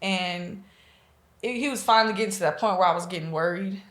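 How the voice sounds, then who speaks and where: A woman's voice: medium pitch, fairly quick, fairly bright tone, echoey room. A woman from Nebraska, a guest on an interview show, telling a personal story earnestly with many fillers and quoted dialogue. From Omaha, Nebraska. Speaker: guest, Reiki practitioner.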